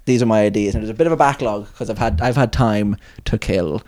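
A man's voice: fairly low pitch, quick pace, darkish tone. A man hosting a loose podcast chat, rambling and laughing at his own jokes. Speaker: podcast host. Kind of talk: casual chat.

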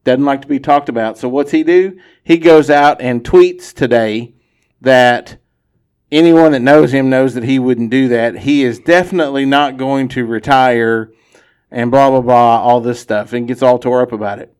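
A man's voice: mid-range voice, moderate pace, darkish tone, clear, resonant tone. A man hosting a casual sports podcast, easygoing and opinionated, laughing often. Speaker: podcast host.

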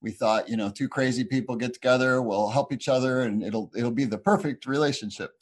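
Earnest man telling his testimony. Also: medium pitch. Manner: earnest, halting, reflective, with restarts. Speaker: speaker sharing a personal testimony. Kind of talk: personal faith testimony.

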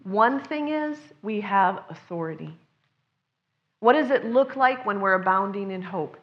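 A woman's voice: medium pitch, expressive, unhurried, dull audio. A woman preaching a sermon in an earnest, conversational way, sometimes acting out the voices of the people she quotes.

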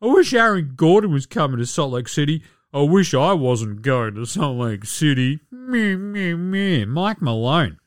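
A man's voice: medium pitch, expressive, normal speed, hardly any pauses, no echo, studio quality. A man hosting a casual sports podcast, swearing freely and mocking players with sarcastic impressions. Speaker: podcast host.

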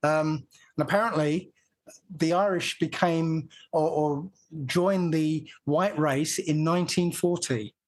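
Higher-voiced man explaining at length. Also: takes it slowly. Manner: explaining at length, laughing now and then. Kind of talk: casual conversation.

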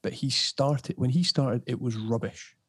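A man with a middle-pitched voice talks through an interview as a lively storyteller, swinging up high when he quotes people. The sound is dry and close, with no room around it. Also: a little slow, breathy edge, no echo. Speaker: podcast guest. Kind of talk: casual interview chat.

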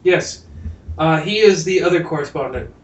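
Co-hosting a podcast, this man talks loosely about a film, reads out trivia, and tosses in jokey asides. He sounds rather high-pitched and expressive, moving at a moderate pace. The recording is dull and echoes like a large room.

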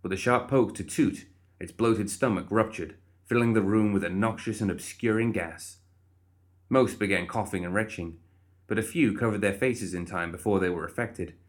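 A man giving steady, measured storybook narration. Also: fairly low pitch.

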